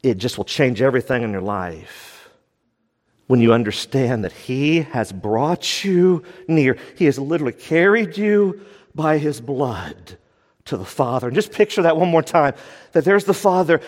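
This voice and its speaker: A man preaching a sermon as pastor, fervent, with big swings between raised and hushed passages. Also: medium pitch, animated, unhurried, big-room sound.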